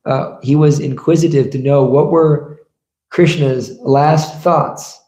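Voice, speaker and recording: With a warm tone and medium pitch, a man leads a scripture class as a sermon, narrating stories and putting rhetorical questions to his audience. The setting is a temple hall, recorded in an echoey room.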